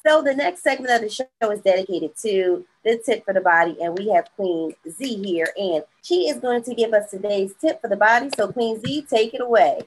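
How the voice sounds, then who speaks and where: A woman with a slightly husky voice hosts a motivational morning show. She sounds upbeat and encouraging and laughs easily. She is heard over a video call. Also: mid-range voice, expressive, normal speed, few pauses, low-quality recording. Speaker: host.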